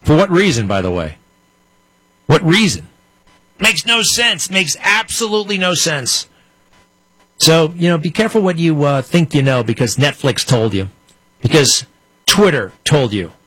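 A man with a bright, sharp edge and a husky grain to his voice, talking casually and skeptically over footage he is playing. The sound is dry and close. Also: on the high side, sing-song, unhurried, long pauses, no echo. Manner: skeptical, talks back at the footage. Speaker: commentator host. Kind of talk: casual commentary over played clips.

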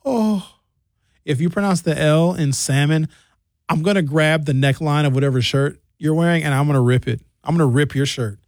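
A man's voice: fairly high pitch, moderate pace, a little mellow, no echo, clean studio sound. A man hosting a radio talk show, ranting comically with put-on mocking voices. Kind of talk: casual radio monologue.

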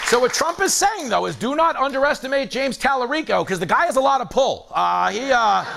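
A man delivers a joking late-night monologue in a very high, lively voice with a gravelly rasp. The audience laughs loudly around him on a studio stage, and background noise is clear. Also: fairly quick, over a noisy crowd. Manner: animated, joking, mock-incredulous. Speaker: late-night comedy host. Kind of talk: comedic monologue.

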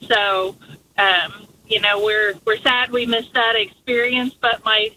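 A woman's voice: mid-range voice, flat delivery, slow pace, sharp tone, slight background noise, low-quality recording. A woman from Indiana calling in to a sports radio show, chatty and enthusiastic with many fillers. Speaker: caller. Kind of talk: call-in radio chat.

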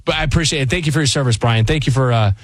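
A man's voice: mid-range voice, very fast, no echo. A man hosting a call-in radio show in a studio, talking casually and upbeat with callers and his co-host. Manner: casual, upbeat, says buddy and dude. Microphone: studio mic.

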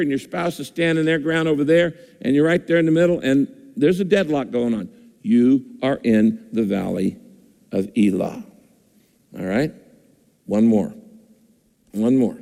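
A man preaching a sermon, emphatic and repetitive, speeding up and slowing down for effect. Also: medium pitch, mellow. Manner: emphatic, repeats phrases, shifts between fast and slow. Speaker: pastor. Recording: long hall reverb.

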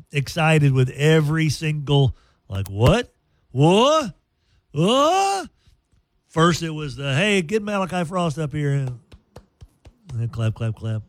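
A man hosting a sports radio show, chatty and folksy, telling stories in a lively way. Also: mid-range voice, no room sound. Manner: chatty, folksy, animated storytelling. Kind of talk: casual sports radio talk.

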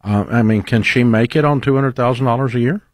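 A man's voice: mid-range voice, fast, no echo, studio quality. A man hosting a call-in advice radio show, questioning callers bluntly with teasing humor. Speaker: radio talk show host.

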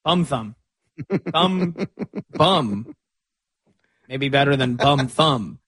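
A man's voice: mid-range voice, animated, extremely slow, a bit bright, husky, dry recording. A man co-hosting a sports radio show, chatting and joking playfully about football. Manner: playful, jokey tongue-twisting.

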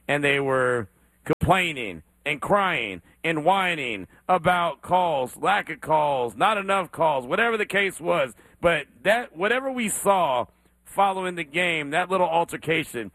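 Bright-voiced sports radio host, man. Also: a little high, no echo. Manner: emphatic, repeats himself for effect.

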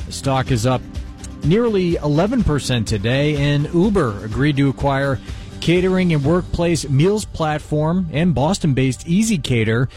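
A man reading a scripted stock market update as a radio news anchor in a brisk, crisp newsreader style. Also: a little high, darkish tone.

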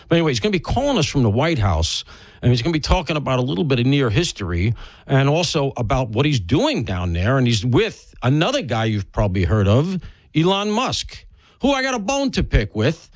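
A man's voice: mid-range voice, no room sound. A man hosting a talk radio show as a fill-in, rambling with wry, self-deprecating humor and sounding congested from allergies. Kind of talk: conversational talk radio monologue. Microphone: studio broadcast microphone.

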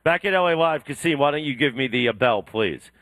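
A man's voice: mid-range voice, fairly quick, no room sound. A man hosting a live morning radio show from an aquarium, reading sponsor spots in an upbeat announcer tone. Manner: upbeat, reads promos in a lively announcer tone. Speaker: radio host. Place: live broadcast from an aquarium exhibit.

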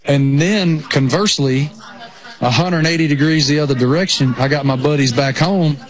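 A man's voice: a little high, normal speed. A man with a rural Appalachian Southern accent, chatting casually as a sports broadcaster over a remote connection. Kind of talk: casual chat. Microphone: remote connection over satellite internet.

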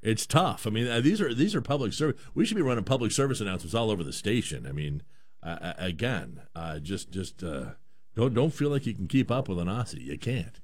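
A man's voice: on the low side, brisk. A man hosting a radio show, chatting casually and joking with lots of restarts. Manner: animated, rambling, joking with restarts. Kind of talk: casual chat.

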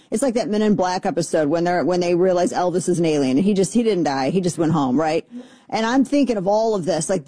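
Sarcastic, mellow-voiced woman talk host. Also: mid-range voice, no room sound. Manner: sarcastic, animated riffing with mock excitement. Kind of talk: casual comedic commentary.

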